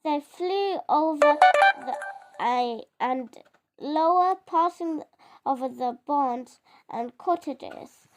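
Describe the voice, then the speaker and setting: A child reading a picture book aloud, halting and often stumbling over words and correcting itself. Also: high voice, faint music behind. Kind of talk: storybook reading.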